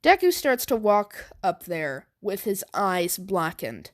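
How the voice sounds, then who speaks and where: A woman's voice: mid-range voice, big pitch swings, slow pace. A woman improvising a fan story aloud, hesitant and stammering with many fillers.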